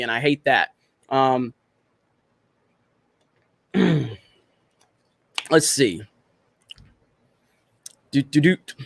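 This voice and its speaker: A man's voice: high-pitched, a bit bright, no room sound, clean studio sound. A man hosting a live stream, chatting casually and bantering with viewers in a brash, profane way.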